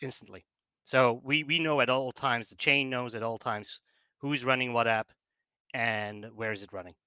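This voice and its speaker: Bright-voiced man explaining tech plainly. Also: mid-range voice, fairly even intonation, normal speed, smooth, no echo. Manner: explanatory, lots of "um" and restarts. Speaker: guest, project business developer. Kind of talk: casual call-in explanation.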